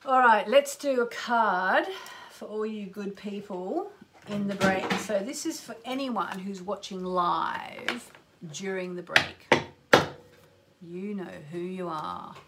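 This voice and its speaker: A woman's voice: takes it slowly, heavy background noise. A woman hosting a live astrology and card-reading radio show, chatty and gushing, greeting listeners by name and breaking into exclamations. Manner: exclamatory, with sudden upward leaps in pitch. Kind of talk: live radio call-in chat.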